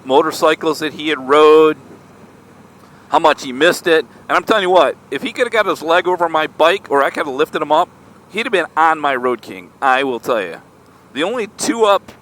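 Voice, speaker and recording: A man casually telling a story to his vlog audience, chatty and animated, often tossing in "right?". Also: a little high. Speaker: motorcycle vlogger.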